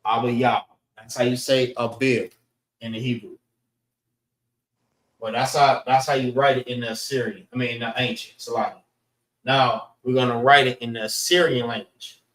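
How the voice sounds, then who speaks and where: A man teaching a class, relaxed and casual, often saying "all right" between points. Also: mid-range voice, moderate pace, pauses often, roomy sound, rough recording.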